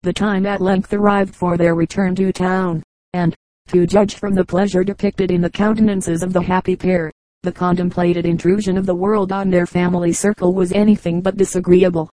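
A woman reading a Victorian novel aloud as an audiobook narrator, in a measured, even manner. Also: fairly low pitch, no echo, low-quality recording. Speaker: audiobook reader.

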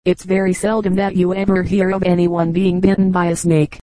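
A woman's voice: on the low side, level tone, normal speed, dark tone, no room sound, natural voice. A woman reading the part of a cheerful, easygoing older teenage boy in an audiobook.

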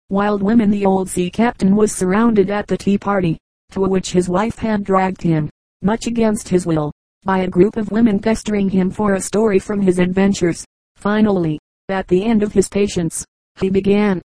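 A woman reading a collection of humorous anecdotes aloud in an even, measured storytelling manner. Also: medium pitch, dry recording, rough recording. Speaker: audiobook reader. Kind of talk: scripted narration of humorous anecdotes.

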